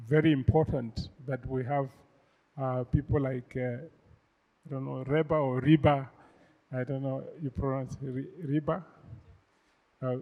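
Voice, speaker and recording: A man hosting a business forum, giving measured opening remarks full of ums and uhs before introducing the speaker. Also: mid-range voice, highs cut off. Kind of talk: slow, deliberate opening remarks. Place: conference room with a live audience.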